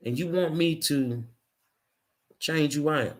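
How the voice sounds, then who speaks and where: A middle-aged man hosts his own show and rants with real anger. He hammers his points home through blunt repetition. His voice sits a little high. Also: unhurried. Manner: angry, ranting, emphatic repetition. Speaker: show host. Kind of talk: impassioned monologue.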